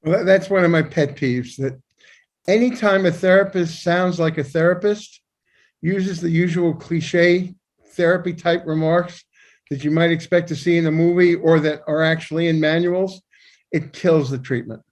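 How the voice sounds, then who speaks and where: Emphatic older man, high voice. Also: fairly even intonation, normal speed. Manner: emphatic and opinionated. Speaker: podcast co-host, psychiatrist. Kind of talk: conversational discussion.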